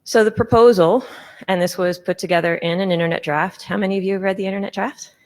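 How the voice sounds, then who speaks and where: A woman's voice: medium pitch, fairly even intonation, fast. A woman chairing a conference meeting session, presenting a proposal in an informal way with many fillers and restarts. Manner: informal, filler-heavy, self-correcting.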